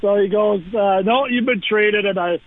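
A former pro hockey player on a radio interview, telling lively anecdotes with lots of "uh" fillers over a phone line. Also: male voice, high voice, moderate pace, no echo. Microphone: telephone.

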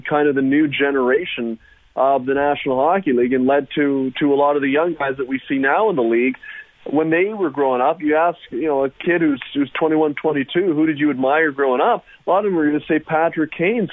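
A man with a mid-range voice is heard on a tinny phone line with no room sound, guesting on a sports radio show. His hockey chat is casual, rambling, and eager, with lots of restarts.

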